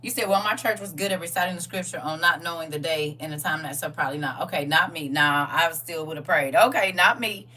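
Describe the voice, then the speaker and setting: A woman hosting a casual livestream, reading viewer comments aloud and reacting with animated, laughing slang. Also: sits low, fairly quick, few pauses, far from the mic. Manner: animated, laughing, talks back to chat with slang. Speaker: livestream host.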